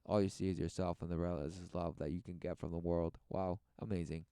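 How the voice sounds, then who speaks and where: A man giving sarcastic commentary over video footage, mocking the people he sees with quick scornful voices. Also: sits low, warm tone, smooth, no echo. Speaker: religious commentator.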